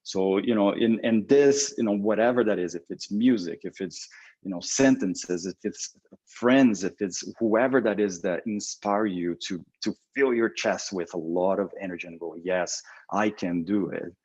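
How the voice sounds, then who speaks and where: A man who is an agency creative director, giving an energetic motivational talk. He restarts often and acts out both sides of imagined phone calls. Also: on the low side, husky. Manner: halting, with many restarts and fillers.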